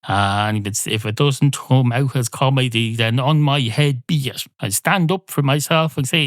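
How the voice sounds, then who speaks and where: Irish man, comic monologue, wry and digressive, medium pitch, very dry close-miked sound. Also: normal speed, hardly any pauses, no echo. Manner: deadpan, wry, digressive, swears casually. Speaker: comedy podcast host. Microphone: close studio mic.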